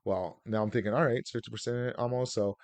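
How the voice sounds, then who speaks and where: Low-voiced man talking casually on a webinar. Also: steady tone, fast, a little mellow, no room sound. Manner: rambling, storytelling with filler words. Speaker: real estate investor teaching seller financing.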